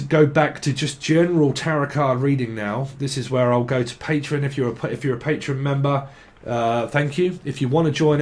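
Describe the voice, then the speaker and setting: A man giving a casual tarot reading, rambling and swearing, now and then breaking into sing-song chanting. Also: medium pitch. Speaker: tarot reader. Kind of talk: casual psychic reading monologue.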